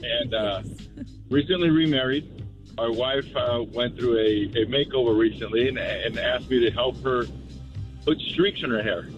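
A man's voice: mid-range voice, moderate pace, faint music behind. A man calling a radio show, friendly and laid-back, over a phone line. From Hispanic background. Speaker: caller.

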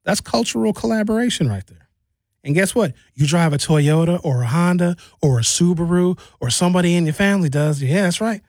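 A man from Wisconsin doing a stand-up comedy rant, animated with sarcastic asides. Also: high-pitched, fairly quick, no echo. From Wisconsin, USA.

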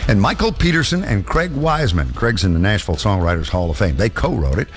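A man hosting a country radio show as DJ, chatty and animated as he introduces songs. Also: lowish voice, quick pace, soft background music. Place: radio studio.

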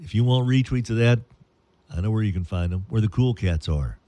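A man's voice: fairly low pitch, animated, fairly quick, very noisy. A man hosting a sports radio show in casual, playful banter with jokey asides.

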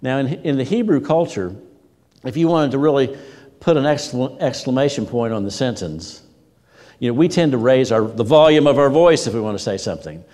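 A man's voice: medium pitch, lively intonation, brisk, a little mellow. A man preaching a sermon as a pastor, telling stories with energy and repeating words for emphasis. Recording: long hall reverb.

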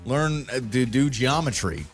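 A man's voice: mid-range voice, a little slow, faint music behind. A man co-hosting a radio show, joking around in casual banter and getting heated over stories. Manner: playful, gets animated and heated. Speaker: radio co-host.

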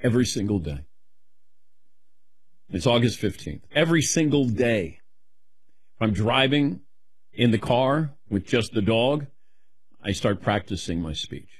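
Animated husky middle-aged man. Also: mid-range voice, a little slow, pauses often, no echo. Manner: self-deprecating, rambling, animated. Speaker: guest taking questions. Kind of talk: casual rambling chat.

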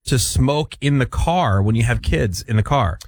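A man's voice: mid-range voice, measured pace, dry recording. Rambling male radio host in studio. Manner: rambling, relaxed storytelling with fillers. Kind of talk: morning radio banter. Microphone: studio microphone.

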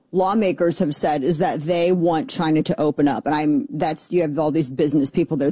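A woman's voice: on the low side, dark tone, slightly rough, dry recording. A middle-aged woman hosting a political radio talk show, chatty, opinionated and sarcastic. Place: radio studio.

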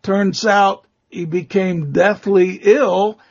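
Male interview guest: high-pitched for a man, husky and gravelly, slow and halting delivery, muffled lo-fi sound. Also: fairly even intonation, a little mellow. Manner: slow, halting, many fillers. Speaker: guest expert on vampire lore. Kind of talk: conversational storytelling interview. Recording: muffled lo-fi audio.

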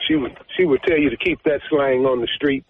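A man's voice: medium pitch, steady tone, fairly quick, narrow, tinny audio, a little hiss or hum. A man calling in to a radio show, telling a story with emphatic repetition. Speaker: caller. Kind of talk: phone-in conversation.

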